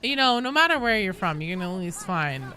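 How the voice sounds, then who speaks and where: A woman streaming a game, chatting casually with her players, joking, laughing, swearing, and yelling in bursts during fights. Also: medium pitch, sing-song, fairly quick. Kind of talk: casual live-stream chat while playing.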